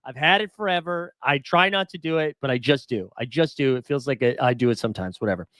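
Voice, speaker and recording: A man's voice: mid-range voice, fast talker, a bit bright, no echo, studio quality. A man hosting a casual fantasy baseball stream, rambling and self-deprecating, chuckling as he talks. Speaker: fantasy baseball show host. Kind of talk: casual live-stream chat.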